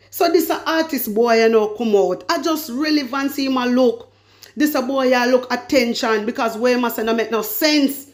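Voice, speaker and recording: Fiery high-voiced Jamaican woman commentator. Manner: fiery, repetitive, heavy patois. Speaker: political commentator. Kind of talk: political commentary vlog.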